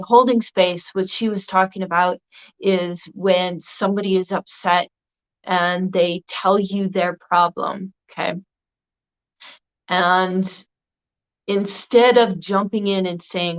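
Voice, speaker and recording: A woman vlogger recording a casual video response, rambling along with a slightly crackly voice. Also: mid-range voice. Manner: rambling, meandering delivery. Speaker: video blogger. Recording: dull lo-fi recording.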